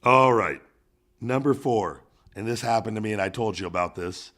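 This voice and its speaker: A man's voice: on the low side, normal speed. Profane man telling gym stories. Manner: profane, animated storytelling. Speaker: podcast host. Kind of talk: casual podcast chat.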